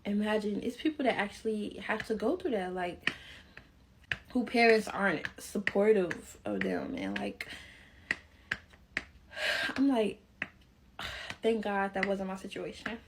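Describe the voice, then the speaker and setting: A young woman from Chicago telling a casual storytime on her phone camera while doing her makeup, chatty and animated, full of "like". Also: mid-range voice, measured pace, pauses often, noisy background. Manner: animated, chatty, peppered with "like" and laughter. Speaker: vlogger.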